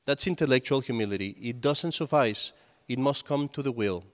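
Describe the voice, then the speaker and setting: A man's voice: mid-range voice, normal speed. A man, a priest, giving a conversational sermon and telling stories with acted quotes. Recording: long hall reverb.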